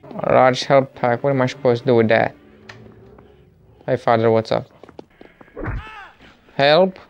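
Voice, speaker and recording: A man giving jokey let's play commentary, with excitable, panicky outbursts. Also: mid-range voice, measured pace, highs cut off, a little hiss or hum. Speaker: gamer.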